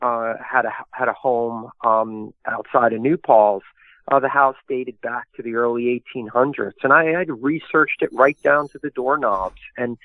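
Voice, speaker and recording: A man's voice: medium pitch, dry recording. A man, a historian and author, telling long rambling anecdotes in a casual interview, full of fillers. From New York area. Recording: tinny phone-like line, dry.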